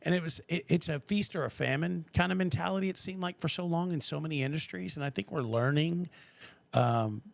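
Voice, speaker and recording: A man's voice: fairly high pitch, fairly quick, vocal fry. A man who works at a car dealership, chatting casually on a podcast and telling stories with acted-out quotes. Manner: animated storyteller who acts out quotes.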